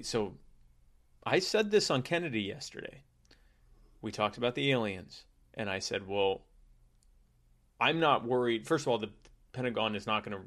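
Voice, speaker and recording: A man co-hosting a casual comedic podcast, joking and rambling through his points. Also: lowish voice. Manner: joking, rambling, animated asides. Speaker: podcast co-host.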